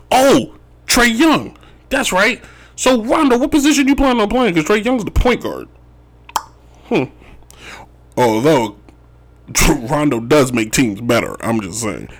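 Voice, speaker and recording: A man hosting a casual sports talk show, rambling and joking about basketball moves, often tossing in "if you will.". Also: mid-range voice. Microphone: wearing Chicago sports gear.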